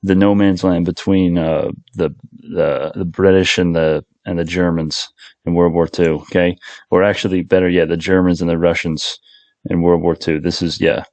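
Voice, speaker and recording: A man's voice: deep voice, little pitch movement, moderate pace, a little mellow, dry recording. A man rambling through a casual stock market commentary, with lots of fillers and self-interruptions.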